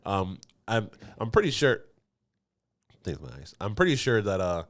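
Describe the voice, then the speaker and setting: Male podcast co-host, casual, crude, animated storyteller acting out quotes. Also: measured pace. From United States. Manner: animated, acts out quotes with big pitch jumps.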